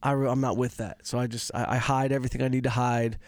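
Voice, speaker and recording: A man from Detroit in relaxed, slangy casual chat. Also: medium pitch, quick pace, no echo. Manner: laid-back, slangy. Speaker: podcast co-host.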